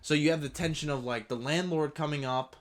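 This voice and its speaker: A man's voice: a little high, a little fast. A young man co-hosting a podcast, chatting casually and swearing often. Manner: swears often, laughing asides. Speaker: podcast co-host. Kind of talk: casual chat.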